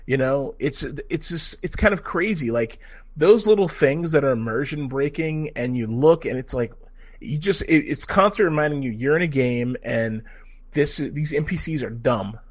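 Excitable man reviewing a game. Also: on the high side, normal speed. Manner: excitable, swears, many fillers and restarts. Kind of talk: casual game review chat.

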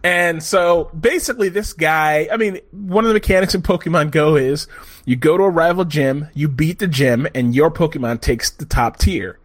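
A man hosting a casual chat, telling stories in an animated, profane way. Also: on the high side. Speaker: podcast host.

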